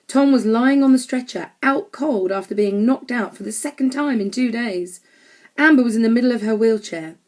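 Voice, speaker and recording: A woman narrating a children's audiobook in a clear, measured storytelling manner. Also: mid-range voice, darkish tone.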